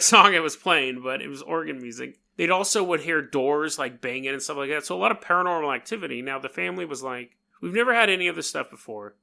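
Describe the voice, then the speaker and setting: In a casual storytelling monologue, a New York-accented man on his podcast rambles, cracks jokes, and mimics sounds. His voice is a little high and sharp, with vocal fry.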